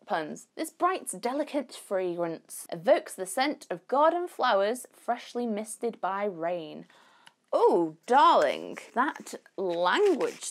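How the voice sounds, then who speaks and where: Excitable woman gushing through an unboxing. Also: on the high side. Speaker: YouTube beauty vlogger. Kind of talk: unboxing vlog chat.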